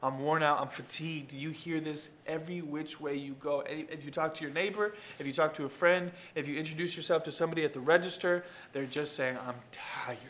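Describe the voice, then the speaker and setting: A male pastor giving an emphatic sermon, dropping low for quiet points and rising into loud calls to the congregation. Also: fairly even intonation, a little fast, few pauses. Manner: emphatic preaching, swings from soft asides to loud calls; talks straight to the congregation.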